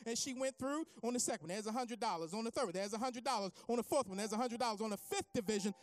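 A preacher giving a sermon, telling a story and building from calm teaching to shouted, sing-song preaching. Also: mid-range voice, fast talker, few pauses.

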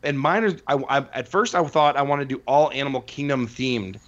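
A man's voice: medium pitch, brisk, fairly bright tone, dull audio. A man co-hosting a podcast, chatting casually and rambling with enthusiasm. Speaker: podcast co-host.

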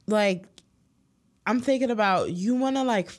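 A woman's voice: mid-range voice, unhurried. A woman in casual chat who works retail, rambling with lots of "like" fillers and frequent swearing. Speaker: retail store worker.

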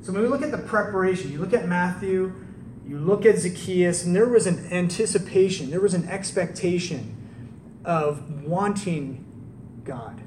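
A man preaching a conversational sermon to a live audience, telling the story in an animated way and tossing in rhetorical questions. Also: sits high, normal speed, a little hiss or hum. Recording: echoey room, distant mic, faint ambience.

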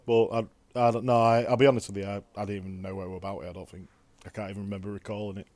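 A man's voice: lowish voice, little pitch movement, racing, a little mellow, no echo. A man on a football chat panel, hesitant and apologetic when he interrupts. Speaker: podcast panelist.

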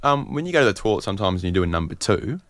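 A man's voice: on the low side, big pitch swings, very fast, fairly bright tone, no echo. A man hosting a radio chat, joking and laughing often as he talks. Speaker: radio host. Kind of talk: casual chat.

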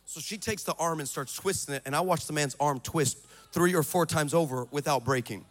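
A man preaching a sermon, telling a story with comic asides and building to shouted exhortation. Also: fairly high pitch, a little fast.

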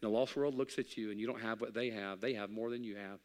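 A man preaching a folksy, humorous sermon as a pastor, building to loud emphatic peaks. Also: fairly low pitch, fairly even intonation, quick pace. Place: church sanctuary. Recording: long hall reverb.

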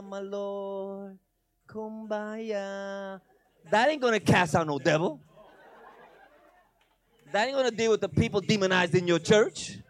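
A man preaching a lively sermon, acting out voices, breaking into shouts and laughing often. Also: high-pitched. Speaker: pastor.

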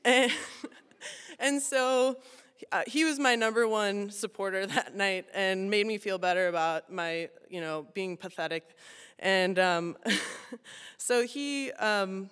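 A woman's voice: medium pitch, slow pace, a bit bright, clean tone. A young woman telling a personal story to an audience in a chatty, self-mocking way, laughing often and filling with "you know". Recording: long hall reverb.

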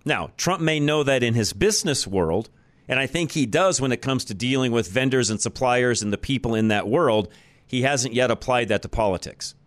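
Speaking at a moderate pace in a medium-pitched voice, an American man hosts a talk radio show, recorded dry on a studio microphone. His monologue is blunt and opinionated, and he repeats himself to drive points home.

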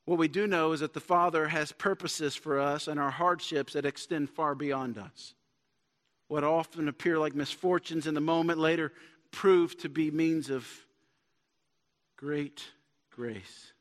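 Speaking a little slowly in a somewhat high voice with fairly even intonation, a male pastor delivers a sermon in the church sanctuary. His tone is earnest as he builds to emphatic points, and the hall's reverb lingers long.

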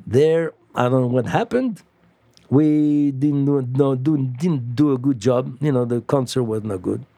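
A man from France, a musician telling stories in an interview, halting with many fillers and restarts. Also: mid-range voice, vocal fry, dark tone, no echo. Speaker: musician guest. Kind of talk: casual storytelling interview.

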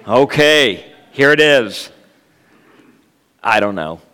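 A man in his fifties delivers a sermon in a church, and the hall gives his voice a long reverb tail. He talks at a middle pitch and works the room with jokes, asides and homespun stories. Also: expressive, takes it slowly, pushed and bright, clear, resonant tone. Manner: humorous, storytelling, jokes with the congregation. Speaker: guest preacher. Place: church sanctuary.

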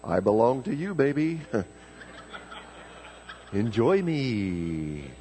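A man's voice: mid-range voice, very animated, very slow, warm tone, voice pushed down. A man voicing a sultry chocolate-frosted donut that whispers sweetly and seductively.

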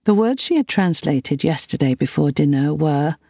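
A woman reading an audiobook in a measured, gentle narration. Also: low-pitched, expressive, no echo, studio quality. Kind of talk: scripted narration.

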